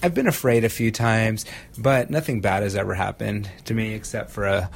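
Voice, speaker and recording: A man, a street style photographer, chatting casually and telling animated stories with frequent laughter. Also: on the low side, normal speed, vocal fry. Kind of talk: casual chat.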